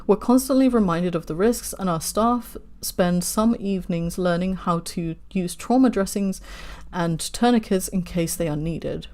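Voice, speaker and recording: A woman's voice: lowish voice, a little slow, mellow. A woman reading news articles aloud, breaking off into heated, sweary asides as she holds back tears.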